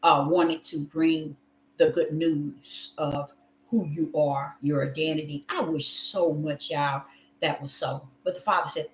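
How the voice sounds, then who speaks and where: A woman's voice: deep voice, fairly even intonation, unhurried, roomy sound, slight background noise. A woman preaching a sermon with passion, repeating phrases and calling her listeners y'all. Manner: impassioned, repetitive, addresses listeners as y'all.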